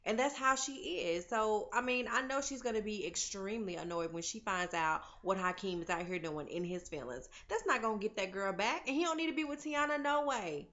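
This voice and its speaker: Woman doing a tv recap, bright voice, lively, acts out the lines, kinda muffled audio. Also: mid-range voice, brisk, hardly any pauses. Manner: animated, chatty, acts out characters' lines. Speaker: TV recap vlogger. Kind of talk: casual TV recap chat. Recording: slightly dull lo-fi audio.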